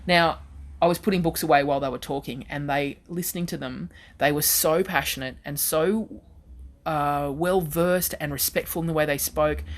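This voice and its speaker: A woman, a guest comedian telling animated stories in casual chat on a radio show. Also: low voice, moderate pace. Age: 40s. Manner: animated, chatty anecdote telling. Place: radio studio.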